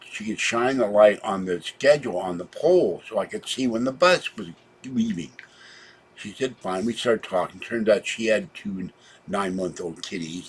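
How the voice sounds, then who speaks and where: A man with a husky, slightly low voice, recounting his day in a long, rambling monologue. He sounds worn out and drifts between quiet asides and sudden loud outbursts, with a chatty, meandering delivery. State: tired, low on energy. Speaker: vlogger. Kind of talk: rambling personal storytelling.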